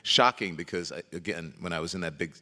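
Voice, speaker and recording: Man with a low voice in a reverberant hall. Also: fast talker. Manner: animated storyteller, gets loud and laughing when excited. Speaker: guest journalist. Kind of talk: live stage conversation. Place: event stage before an audience.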